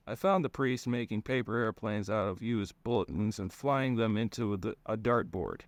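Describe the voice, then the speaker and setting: A man reading his own first-person story aloud in a plain, relaxed storytelling manner. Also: on the low side, normal speed, few pauses, dry recording.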